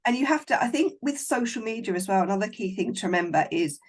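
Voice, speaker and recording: A woman's voice: medium pitch, lively intonation, quick pace. A woman filmmaker, a guest in a casual interview, talking in a frank, encouraging and emphatic way over a video call.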